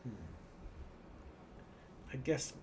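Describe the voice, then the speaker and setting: A man's voice: very slow, background noise. Rambling British man playing a game. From Britain. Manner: rambling, muttering to himself between anecdotes. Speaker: gaming channel host. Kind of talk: casual let's-play commentary.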